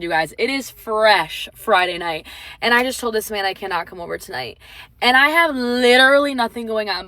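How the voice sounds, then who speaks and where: A woman chatting casually to her viewers in a relaxed, chatty way. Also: on the high side, no echo. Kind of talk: casual vlog chat.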